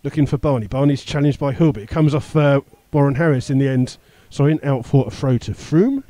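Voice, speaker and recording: Quick, dark-toned football commentator man. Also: medium pitch, no echo. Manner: rapid play-by-play with fillers and chuckles. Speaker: match commentator. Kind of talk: live football radio commentary. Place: stadium commentary position.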